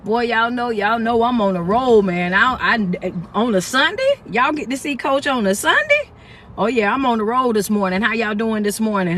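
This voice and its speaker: A woman motivational speaker hosting a phone live stream while on the road, talking in an energetic, preacher-like call-and-response style and greeting viewers one by one. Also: mid-range voice, slight background noise. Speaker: motivational speaker and life coach.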